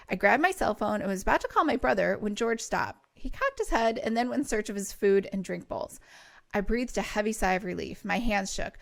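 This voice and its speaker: A woman's voice: medium pitch, gravelly, no echo. A woman hosting a podcast, reading a cozy novel aloud and breaking off for casual, laughing asides. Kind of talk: storybook read-aloud with chatty asides.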